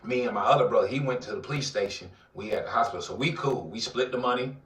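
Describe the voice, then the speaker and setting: Speaking fast at a medium pitch, a man with an Atlanta accent recounts his life story as an interview guest. He dramatizes it by voicing the characters, lurching between loud bursts and near-whispers. The mic sounds roomy and somewhat distant.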